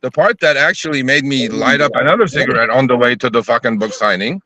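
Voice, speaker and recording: Brief: bright-voiced man, profane and animated, in a dry studio, acting out the calls. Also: medium pitch, fast, no echo. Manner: profane, animated storytelling, acts out phone calls. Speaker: rideshare driver advocate, guest. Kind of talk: heated casual podcast talk. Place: live podcast studio.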